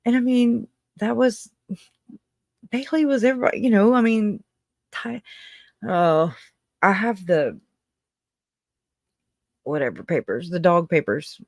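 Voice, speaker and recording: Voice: mid-range voice, no room sound, clean studio sound. A livestream host chatting casually and reading out viewer comments, rambling and emotional, often breaking into laughter.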